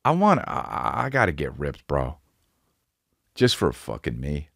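A man's voice: very deep voice, wildly swooping pitch, unhurried, vocal fry, dry recording, clean studio sound. A man in his forties, a comedian hosting his podcast in a casual, rambling, profane and self-mocking monologue. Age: 40s. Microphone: studio podcast mic.

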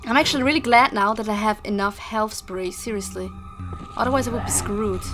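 A woman's voice: medium pitch, brisk. A young woman commentating her video game play casually, frustrated and swearing often at the game. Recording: game music behind the voice.

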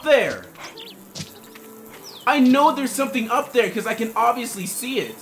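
A young man giving profane, sarcastic gameplay commentary, swinging from muttered gripes into shouting and laughter. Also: extremely high pitch, very animated, measured pace, soft background music. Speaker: gaming commentator.

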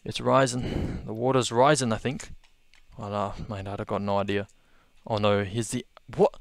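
Excitable young Australian gamer. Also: male voice, lowish voice, normal speed, no echo. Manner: excitable, gasping, repeats exclamations. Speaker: gaming video host. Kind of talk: let's-play commentary.

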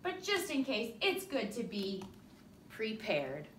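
A woman's voice: on the high side, huge pitch swings, slow pace, fairly bright tone, far from the mic, slight background noise. A woman teaching a kindergarten lesson to young children in a sing-song, cheerful teacher voice. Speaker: preschool teacher. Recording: echoey room, voice from off the mic.

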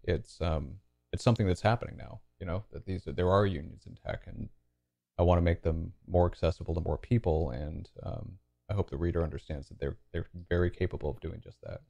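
Male podcast guest, deep gravelly voice, mellow, dry close recording, hesitant and thoughtful. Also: fairly even intonation, a little fast, no echo. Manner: thoughtful, hedging with fillers. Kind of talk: casual interview talk.

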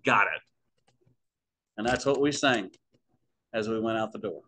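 A man's voice: lowish voice, normal speed, fairly bright tone. A man preaching the close of a sermon in a small church, in a folksy storytelling way that speaks to the congregation as folks.

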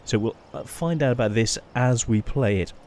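A man hosts a gameplay video in a casual, rambling way, full of fillers and restarts. His voice sits at an ordinary middle pitch, with faint background noise under it. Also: darkish tone. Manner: chatty, halting, many restarts and fillers. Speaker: gaming channel host.

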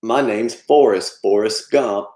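A man doing an impression of a slow, earnest, simple-hearted man. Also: lowish voice, mellow. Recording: echoey room.

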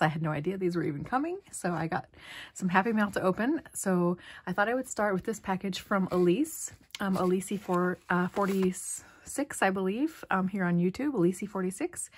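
A woman hosting her craft channel, chatting casually and gushing as she opens mail, often dropping into soft whispers. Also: on the low side, slightly rough. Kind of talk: casual unboxing vlog.

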